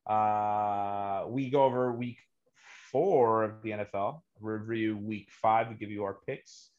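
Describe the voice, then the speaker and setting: A man's voice: on the low side, steady tone, slow, lo-fi sound. Rambling podcast host, man. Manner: rambling, many fillers. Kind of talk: casual sports chat.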